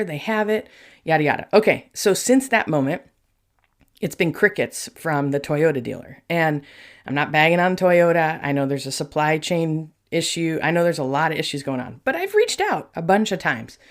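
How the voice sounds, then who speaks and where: A middle-aged woman hosting a Christian podcast, talking in an earnest, chatty and animated way and speaking straight to her listeners. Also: low voice, moderate pace. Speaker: podcast host and Christian life coach. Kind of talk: casual faith-based podcast monologue.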